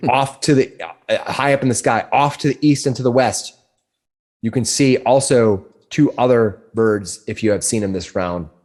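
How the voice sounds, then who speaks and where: A man's voice: medium pitch, normal speed, a little mellow. A man running a tabletop game as game master, narrating and explaining rules in a rambling way with many restarts.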